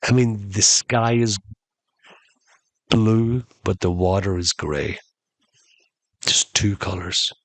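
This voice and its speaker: Podcast host spinning a yarn: low, slow, chatty, dry close mic. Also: male voice, fairly bright tone, no echo. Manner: conversational, addresses listeners as "folks". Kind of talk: comic storytelling.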